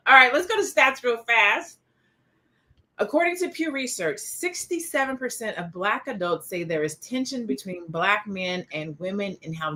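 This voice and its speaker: Bright-voiced lady hosting a chatty panel show, super animated. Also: fairly high pitch. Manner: animated, expressive, acts out quoted exchanges. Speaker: podcast host. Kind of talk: casual panel discussion.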